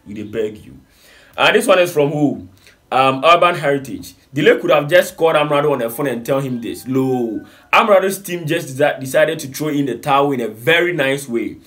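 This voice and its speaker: A man with a Ghanaian accent talks through entertainment gossip in casual reaction style, slipping into Pidgin. His voice sits at a middle pitch. He reads comments aloud and pleads with animated energy. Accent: Ghanaian English with Pidgin.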